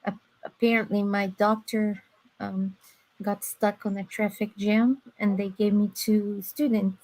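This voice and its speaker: Nasal lady, chatty, tells stories, mid pitch. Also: measured pace, rough recording. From Brazil. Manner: chatty, storytelling, animated asides. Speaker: guest on a live stream. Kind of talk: casual chat.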